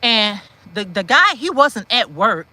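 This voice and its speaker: A woman's voice: mid-range voice, sing-song, measured pace, sharp tone, no echo. A woman hosting a walk-and-talk chat, who preaches encouragement, repeats lines for emphasis and answers viewer comments as she walks outdoors. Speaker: channel host. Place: outdoors, walking in a city.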